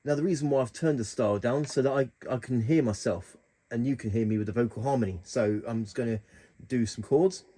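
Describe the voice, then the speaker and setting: A man's voice: mid-range voice, a little fast, dark tone. A man hosting a keyboard tutorial, talking casually through the settings with plenty of fillers and restarts. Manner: chatty, hesitant with fillers and restarts.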